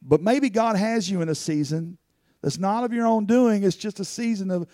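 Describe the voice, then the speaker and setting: A man's voice: sits high, normal speed, mellow, no echo, studio quality. A man preaching a sermon as pastor, telling personal stories earnestly and rising into fervent pleading.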